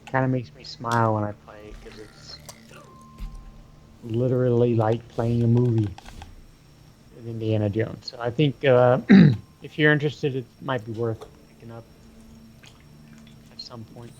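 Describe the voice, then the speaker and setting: A man's voice: medium pitch, fairly even intonation, unhurried, long pauses, a little mellow, highs cut off. Laid-back man with faint background noise. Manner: laid-back, self-deprecating, many ums. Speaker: co-host gamer. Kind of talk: casual co-op gaming chat.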